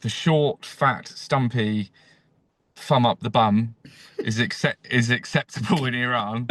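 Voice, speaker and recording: A male comedian chats crudely as a podcast guest and suddenly flares into shouted rants. His voice is mid-pitched and sounds dry and close, with no room around it. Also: fairly even intonation, slow pace, dry recording. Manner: crude, bursts into ranting shouts. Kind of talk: casual comedy podcast chat.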